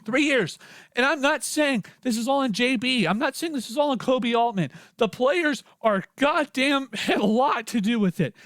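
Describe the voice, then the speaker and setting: A man ranting as a sports fan in a reaction video, heated and profane, repeating himself and building to shouts. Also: extremely high pitch, animated, moderate pace, no room sound, studio quality.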